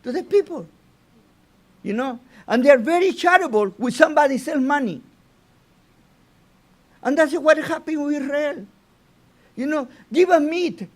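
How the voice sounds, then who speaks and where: A very high-pitched man, a rabbi, gives an informal Torah lesson. He halts and restarts his phrases and keeps asking "you know?"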